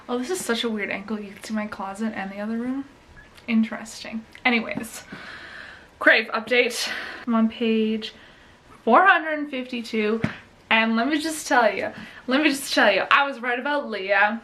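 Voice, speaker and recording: Excitable, sweary young woman vlogger. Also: on the high side, normal speed. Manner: excitable, swears freely, gushing and laughing. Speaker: book vlogger. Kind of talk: casual reading vlog. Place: home bedroom.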